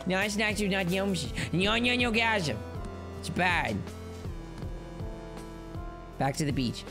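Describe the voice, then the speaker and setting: A man giving excitable let's play commentary, yelling and cooing at the game in playful baby talk. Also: high-pitched, takes it slowly. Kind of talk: gameplay commentary. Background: game music.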